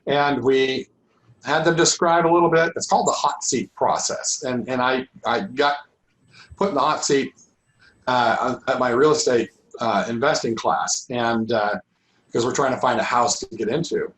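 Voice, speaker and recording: A middle-aged man teaching a holistic healing class, talking informally and restarting his sentences, his voice going hoarse. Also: medium pitch, normal speed, fairly bright tone, poor audio. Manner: rambling, restarts sentences often. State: losing his voice. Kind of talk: informal online class talk.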